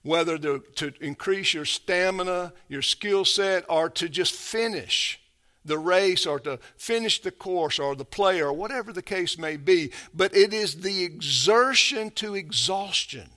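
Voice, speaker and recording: Emphatic, bright-voiced male preacher. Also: high voice, a little slow. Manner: emphatic preaching, with hushed passages; repeats words and restarts often. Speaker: pastor. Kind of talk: sermon.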